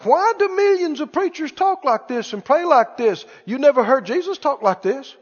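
A male preacher with a very high voice delivers an animated, emphatic sermon and repeats his key lines for stress. His voice rings with a long reverb in a church sanctuary. The recording sounds dull and lo-fi. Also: moderate pace.

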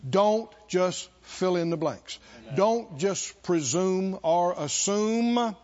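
A man's voice: high voice, lively intonation, extremely slow, darkish tone, highs cut off. A man preaching a sermon to a church congregation, leading call-and-response and stretching out repeated phrases for emphasis. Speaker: pastor.

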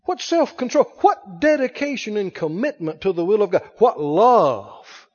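A male preacher delivers a fervent sermon with the congregation responding, his high voice ranging widely in a sing-song, slightly mellow way at a measured pace. The lo-fi hall recording sounds dull.

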